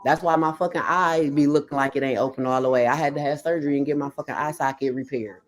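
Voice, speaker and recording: Talking fast in a low voice, a woman bluntly tells her own story in casual chat. She swears heavily and gets animated, acting out the lines she quotes.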